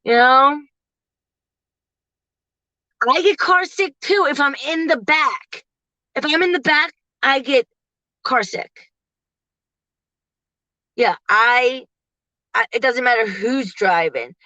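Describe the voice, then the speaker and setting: A woman in her forties chatting casually to viewers from her parked car, laughing often and getting animated when she quotes people. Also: on the high side, slow pace, pauses often, no room sound, poor audio. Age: 40s. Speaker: livestream host.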